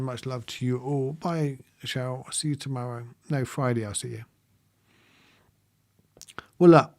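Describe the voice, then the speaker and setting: A man speaks in a soft, halting way, pausing on frequent ums and letting small laughs slip in. The sound is close and dry, with no room behind it. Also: mid-range voice, no room sound. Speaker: meditation livestream host. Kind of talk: live-streamed reflective talk, reading viewer comments.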